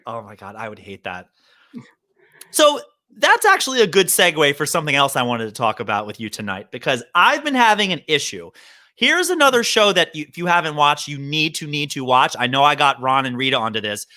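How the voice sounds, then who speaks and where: A man hosting a podcast, chatting casually and telling rambling, animated stories. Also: fairly high pitch, brisk. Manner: animated storyteller, rambling asides. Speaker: podcast host. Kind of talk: casual chat. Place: Hoboken.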